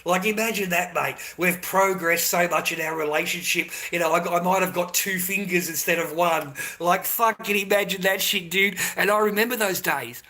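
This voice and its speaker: A man's voice: high voice, fairly even intonation, normal speed, few pauses, bright, forceful tone. A man on a rambling, profane monologue, often tagging on "right?" and "mate". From Australia. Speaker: vlogger.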